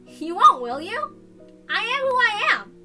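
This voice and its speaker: A woman's voice: very high voice, sing-song, unhurried, bright, forceful tone, faint music behind, pitched above the performer's own voice, exaggerated voice. A woman voicing an earnest, loyal teenage girl who pleads with a friend in a visual novel reading. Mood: pleading.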